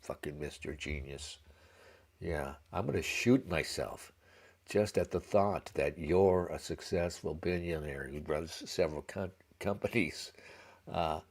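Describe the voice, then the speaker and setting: Gravelly, profane man ranting. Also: very deep voice, measured pace, darkish tone. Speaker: livestream co-host. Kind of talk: casual livestream commentary.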